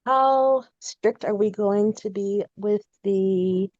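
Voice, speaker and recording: Female student, polite and halting, dull dry online audio. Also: mid-range voice, a little mellow, no room sound. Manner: polite, hesitant.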